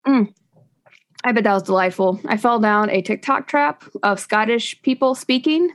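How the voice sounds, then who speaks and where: A woman's voice: fairly high pitch, moderate pace. Chatty, rambling woman podcast host. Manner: chatty, rambling, laughs often. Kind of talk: casual chat book review.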